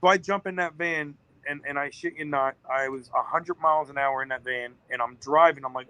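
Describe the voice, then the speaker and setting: Guy running a business, rambling emotional story on a podcast, bright voice, dry sound. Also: on the high side, brisk, hardly any pauses, dry recording, low-quality recording. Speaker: business owner guest.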